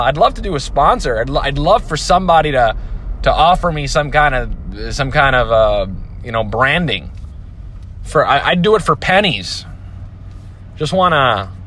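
A man hosting a solo podcast in a loose, rambling way, full of jokes at his own expense. His pitch sits in an ordinary middle range, and he trips over his words and restarts often. A faint hiss of background noise runs under his voice. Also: a bit bright. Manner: rambling, joking, self-deprecating, with frequent fillers and restarts. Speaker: podcast host. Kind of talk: casual solo podcast chat.

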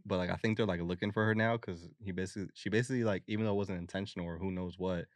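A young man trades stories on a casual podcast. His voice sits lowish and sounds dry and close to the mic. He talks in loose slang and laughs often. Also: fairly even intonation, racing, no echo. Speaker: podcast co-host. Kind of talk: casual chat.

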